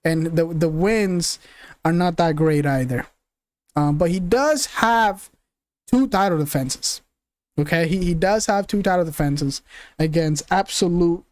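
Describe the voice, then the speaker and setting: A man's voice: fairly high pitch, measured pace, dry recording. Rambling young man streaming, swearing and laughing. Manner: rambling, laughs often, swears, forgets names. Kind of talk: casual live-stream commentary.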